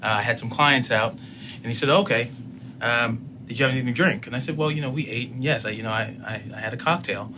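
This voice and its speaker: A man's voice: mid-range voice, fast talker, background noise. A middle-aged man telling a personal story in casual speech, acting out both sides of a conversation.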